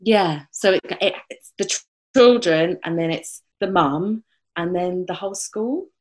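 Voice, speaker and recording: A woman with a British accent, a psychotherapist answering interview questions in a thoughtful, halting way with many fillers. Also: on the low side. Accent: British English. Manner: thoughtful, warm, with fillers and restarts. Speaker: psychotherapist and group leader.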